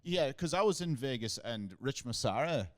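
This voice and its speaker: A man, a guest comedian telling quick, animated anecdotes in casual chat and laughing often. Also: mid-range voice, dry recording. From Northern Ireland border area.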